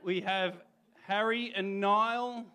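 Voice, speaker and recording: A man's voice: high-pitched, fairly even intonation, slow pace, sharp tone. A man moderating a press conference, upbeat and welcoming as he opens the session.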